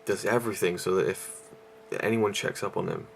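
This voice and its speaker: Breathless man with a low, gravelly voice. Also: fairly even intonation, normal speed, slight background noise. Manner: rambling, with many fillers and restarts. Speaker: YouTube movie reviewer. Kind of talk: casual vlog review.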